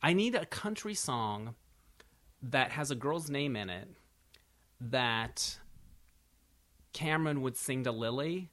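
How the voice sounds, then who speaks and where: A man with a middle-pitched, ordinary voice, talking on a podcast. He chats casually and tells stories in an animated way. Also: slow, pauses often. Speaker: podcast co-host. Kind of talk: casual chat.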